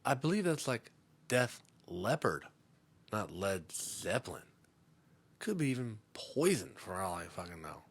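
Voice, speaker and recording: A middle-aged man on a comedy podcast telling a profane story, swinging between loud outbursts and muttered asides. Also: on the low side, very animated, a little slow, breathy edge. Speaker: podcast host.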